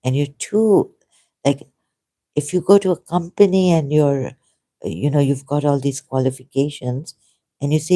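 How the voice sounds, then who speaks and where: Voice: mid-range voice, normal speed, mellow. A speaker in casual conversation who talks in a rambling, hesitant, self-deprecating way. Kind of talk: casual debate chat.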